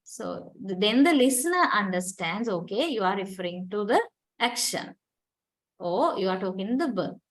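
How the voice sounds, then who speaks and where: A woman's voice: mid-range voice, lively intonation, moderate pace. A woman who is not a native English speaker, lecturing on English linguistics, explaining patiently step by step and repeating words to model them. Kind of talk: recorded university lecture.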